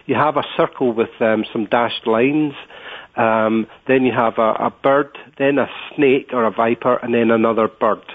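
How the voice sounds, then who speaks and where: A man's voice: mid-range voice, fairly even intonation, moderate pace. A Scottish man talking as a guest, his voice in a middle register and thin, squeezed through a narrow phone line. He gropes for words, stacking up little fillers before each point. Then he lands his point steadily. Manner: hesitant, many filler words. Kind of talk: interview over the phone.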